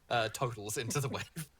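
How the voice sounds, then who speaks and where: A man narrating a tabletop game as dungeon master, playful and laughing often. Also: mid-range voice.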